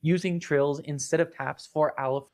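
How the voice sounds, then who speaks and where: A man with a North American accent and a slightly raised voice, narrating a scripted explainer. He speaks in a measured, precise way, walking through each point clearly. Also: fairly high pitch, steady tone, darkish tone. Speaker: linguistics video narrator.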